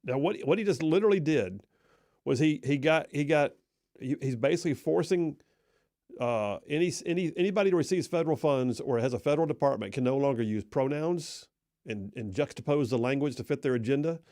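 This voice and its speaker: A man hosting live talk radio from a studio, energetic and folksy, restarting sentences often. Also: medium pitch, a little fast, no echo. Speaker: radio talk show host.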